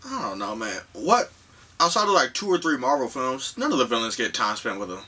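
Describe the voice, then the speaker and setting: A man co-hosting a casual movie review chat, teasing and quick to laugh and correct his co-host. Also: mid-range voice, very animated, pushed and bright, slightly rough, recorded from a distance.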